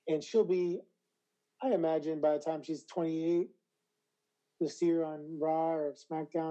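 A Canadian man in his forties, a retired wrestler, telling animated stories as an interview guest. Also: on the high side, rough recording. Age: 40s. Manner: animated storyteller, acts out quoted voices. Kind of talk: casual interview.

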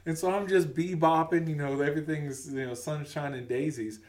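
A man's voice: fairly high pitch, brisk, reverberant, recorded from a distance. A man in his thirties telling a funny story on a podcast, acting out the voices of the people in it. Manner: animated, acts out voices in his stories. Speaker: podcast co-host. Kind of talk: casual comedic storytelling.

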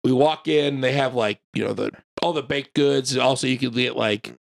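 Gravelly man telling a rambling story. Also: mid-range voice, fairly even intonation, moderate pace. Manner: rambling, swears casually, fills with "like". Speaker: podcast co-host. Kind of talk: casual storytelling chat.

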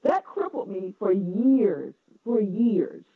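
A woman's voice: mid-range voice, big pitch swings, takes it slowly, very noisy. A woman from North Carolina with a Southern accent, speaking earnestly as a podcast guest about her businesses. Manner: earnest and affirming, frequent laughs and restarts. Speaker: guest, educator and entrepreneur. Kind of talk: podcast interview, casual. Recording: phone-like narrow sound.

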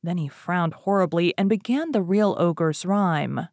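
Give me a woman storyteller in a lower register, reading a fairy tale aloud with lively expression. The sound is dry, with no room echo. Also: measured pace, few pauses.

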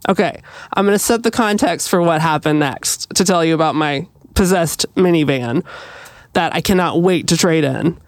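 Her voice is deep and moderately paced, captured in a dry recording. She co-hosts a podcast, spinning a story in relaxed conversation and performing the quoted dialogue with lively animation.

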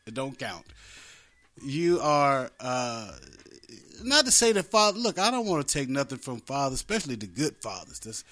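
A man's voice: fairly high pitch, sharp tone. A man hosting an internet radio show, talking casually in a rambling, joking way and laughing often.

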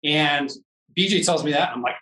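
With a slightly high, sharp voice at a moderate pace, an off-road racer casually recounts a racing story, rambling, searching for words, and often voicing what others said. The rough recording has an echoey room and a distant mic.

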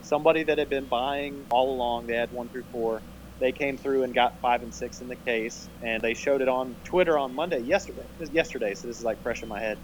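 A man co-hosting a podcast, explaining things in an emphatic, animated way. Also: mid-range voice, a little fast, a little hiss or hum, low-quality recording. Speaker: podcast co-host and toy seller. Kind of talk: casual chat.

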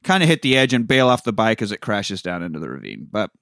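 A man's voice: on the low side, quick pace, creaky, dry recording, studio quality. A man co-hosting a podcast, recapping a movie in casual, profane chat and acting out the characters' lines. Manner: profane, animated retelling with quoted voices. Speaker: podcast co-host.

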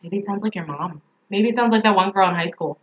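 A woman's voice: mid-range voice, fast, dull audio. A woman mindset coach giving a motivational talk, repeating emphatic affirmations.

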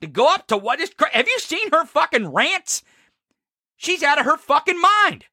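A man's voice: very high voice, big pitch swings, normal speed, sharp tone, no echo, studio quality. A man hosting a political talk show, delivering a fiery, profane, combative rant. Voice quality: heavy swearing, fiery and combative.

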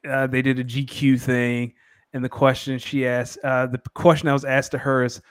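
A man's voice: mid-range voice, flat delivery, moderate pace, clear, resonant tone, no room sound. A man co-hosts a sports podcast, laid-back and teasing in casual chat. His voice is recorded close and dry, with no room sound. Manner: laid-back, teasing, imitates people for laughs. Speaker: podcast co-host.

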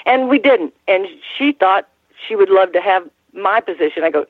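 An older woman, a former ring announcer, telling stories in an interview, halting with many restarts and fillers. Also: mid-range voice, animated, slightly rough, no echo. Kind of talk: casual interview storytelling. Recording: tinny phone-line sound, dry.

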